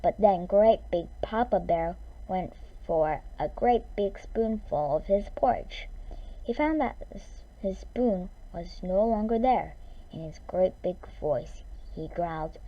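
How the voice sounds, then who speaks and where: A woman reading a children's story aloud in an expressive, drawn-out way. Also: medium pitch, vocal fry, dull audio.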